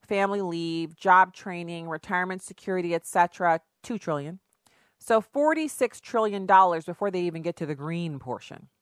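A woman's voice: fairly low pitch, fairly bright tone, dry recording, clean studio sound. Sarcastic woman political commentator. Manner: sarcastic, emphatic, rhetorical questions.

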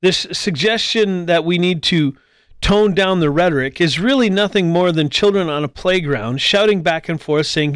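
High-voiced man delivering political commentary. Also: normal speed, a bit bright, clear, resonant tone, no echo, studio quality. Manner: argumentative, with mocking mimicry of squabbling voices. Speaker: podcast host.

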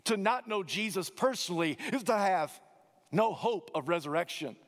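A man preaching a sermon, emphatic and dramatic, swinging his pitch and slowing down on key words. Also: animated. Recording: long hall reverb.

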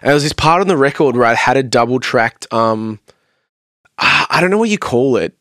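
This is a man's mid-range, expressive voice at a normal pace, fairly bright and free of echo. As a podcast guest who sings and produces, he chats casually, wandering through studio anecdotes full of "like" and acted-out dialogue.

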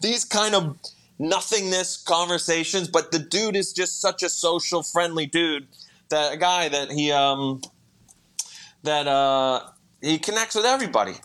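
A man co-hosting a podcast, chatting casually and enthusiastically, talking in quick bursts and laughing easily. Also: on the high side, fairly bright tone, smooth. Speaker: podcast co-host. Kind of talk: casual chat.

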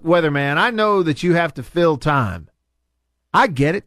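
Animated man hosting talk radio. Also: normal speed, dry recording, studio quality. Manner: animated, rants with big pitch jumps. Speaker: radio show host. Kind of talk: casual talk radio banter. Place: radio studio.

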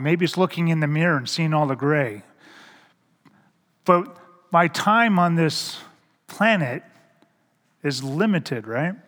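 In a reverberant hall, a middle-aged pastor preaches a sermon slowly and haltingly, repeating words and posing rhetorical questions. His voice is on the high side and a bit bright.

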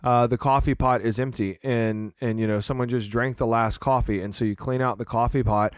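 Casting: man, podcast host and church leader, earnest loose chat, mid pitch, dry close mic. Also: fairly even intonation, fairly quick, smooth, dry recording. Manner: earnest, rambling with restarts and fillers.

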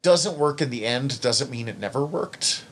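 A man's voice: medium pitch, lively intonation, normal speed, a bit bright. Candid, emotional man in casual chat. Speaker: podcast co-host.

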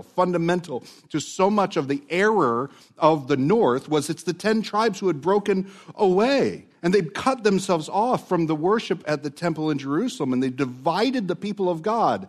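A man's voice: a little high, lively intonation, normal speed, few pauses. A man preaching a sermon, earnest and building to emphatic repetition. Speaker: pastor.

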